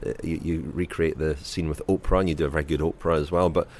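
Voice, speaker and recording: A man's voice: very deep voice, fairly even intonation, quick pace, darkish tone. A man hosting a podcast, introducing segments and asking long, hesitant, rambling questions. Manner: rambling, hesitant, many fillers and restarts. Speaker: podcast host. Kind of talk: casual podcast chat and interviewing.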